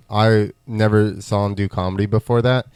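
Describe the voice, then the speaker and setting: A man's voice: lowish voice, fairly even intonation, measured pace, gravelly, darkish tone, clean tone, no room sound, studio quality. A man co-hosting a podcast, talking laid-back in casual chat and plugging upcoming comedy shows. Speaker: podcast co-host, comedy show promoter.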